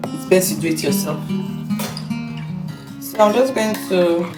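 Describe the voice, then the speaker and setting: A woman's voice: on the low side, expressive, a little slow. A young Nigerian woman with a Nigerian accent, chatting casually to viewers in a home vlog and asking them questions. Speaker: vlogger, mother. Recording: echoey room with background guitar music.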